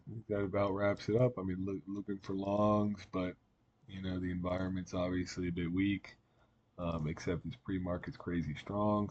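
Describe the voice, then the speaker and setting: A man with a very low, flat voice gives casual trading chart commentary. He rambles, circling back with ums and restarts. The audio sounds dull and lo-fi, with faint hiss behind him. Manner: rambling, many fillers and restarts. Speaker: market analyst.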